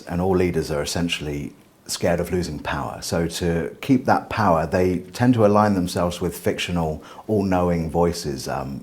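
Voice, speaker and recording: A man's voice: low voice, darkish tone. A young man doing a live stand-up monologue between songs, rambling and self-mocking, full of ums and apologies. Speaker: comedian and musician. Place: live venue with an audience.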